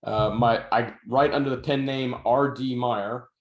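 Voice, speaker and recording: A man's voice: medium pitch, fairly even intonation, measured pace. A middle-aged man co-hosting a podcast, telling stories with dry, wry asides. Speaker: podcast co-host and novelist. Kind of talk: casual podcast chat. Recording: roomy echo.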